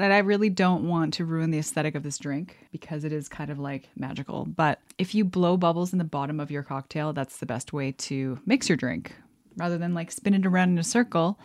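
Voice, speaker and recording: A woman's voice: lowish voice, no echo, clean studio sound. A woman hosting a podcast, chatting casually in a bubbly, giggly, rambling way. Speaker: podcast host. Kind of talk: casual chat.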